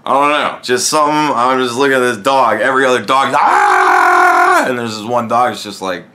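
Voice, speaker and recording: A man's voice: mid-range voice, fairly even intonation, fast, very noisy. A man talking alone in a casual podcast monologue, blunt and profane, rambling with frequent restarts. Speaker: podcast host.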